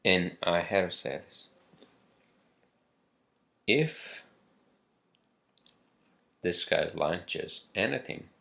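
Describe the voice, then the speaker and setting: A man's voice: sits low, animated, drawn-out words, vocal fry, long pauses, bright, forceful tone. A man delivering a casual, rambling monologue, swearing constantly and pressing his points with heavy emphasis. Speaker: podcast host.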